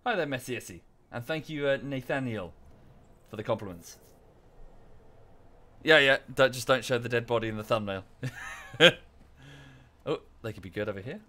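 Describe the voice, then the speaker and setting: A man's voice: mid-range voice, animated, moderate pace, pauses often, pushed and bright. A man streaming live, chatting casually in a rambling way with many fillers and restarts, thanking viewers in chat as he goes.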